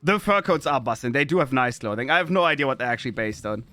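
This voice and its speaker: A man's voice: mid-range voice, lively intonation, fast talker, bright, forceful tone, faint music behind. A man, streaming a game in chatty commentary, often laughing and reading game text aloud. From Austria. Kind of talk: gameplay commentary.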